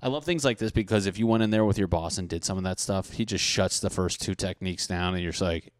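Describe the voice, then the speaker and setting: A man's voice: low-pitched, fast talker, smooth, dry recording, clean studio sound. A man in his thirties in casual comedic chat, rambling and swearing, often acting out mock dialogue.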